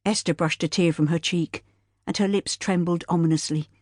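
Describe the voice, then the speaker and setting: A woman reading a historical novel aloud in an even, measured storytelling voice. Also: lowish voice, no room sound, studio quality. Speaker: audiobook narrator. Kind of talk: scripted narration.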